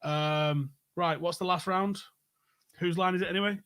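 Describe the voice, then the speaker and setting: A man's voice: sits high, steady tone, normal speed, a bit bright, clear, resonant tone. A man hosting a live-stream pub quiz, joking around and swearing freely in casual banter. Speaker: quiz host.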